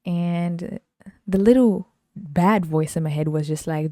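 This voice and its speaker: A young woman with a low, warm voice hosts a podcast. She tells stories in a chatty, animated way, laughs often and jumps into the voices of the people in them. The sound is close and dry. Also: takes it slowly, no room sound. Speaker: podcast host. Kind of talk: casual solo storytelling.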